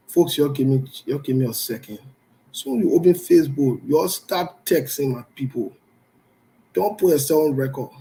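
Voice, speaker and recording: A man's voice: medium pitch, mellow. A man hosting a live call-in talk show, stern and preachy, repeating his warnings and laughing between them.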